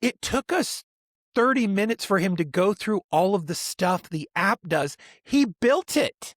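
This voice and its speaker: Animated male podcast host telling a story. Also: high voice, moderate pace, no room sound, clean studio sound. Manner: animated storyteller, acts out quotes. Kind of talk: casual chat.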